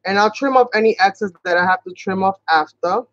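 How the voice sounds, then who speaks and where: A craft channel host, a New York woman whose accent sounds like Boston, chats casually through a craft tutorial livestream, rambling and sometimes talking fast. Her mid-range voice comes through dull audio with no echo.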